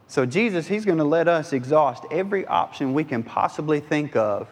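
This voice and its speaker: A man preaching a sermon, animated and conversational, dropping into the voices of the figures in his story. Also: a little high, moderate pace, hardly any pauses. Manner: animated, dips into voices of disciples and Jesus. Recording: long hall reverb.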